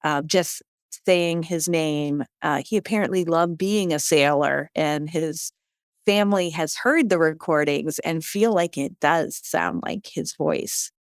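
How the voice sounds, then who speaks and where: A woman's voice: deep voice, a little slow, dry recording, clean studio sound. A woman speaking for the historic ship in a casual interview, hesitant, with many ums and uhs. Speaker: museum ship guide.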